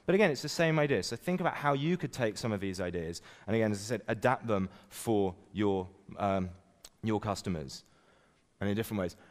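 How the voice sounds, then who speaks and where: A man's voice: on the low side, a little fast. Man giving a business keynote in a reverberant hall. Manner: energetic, keeps adding "right?" and "you know". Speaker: conference speaker. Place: conference stage.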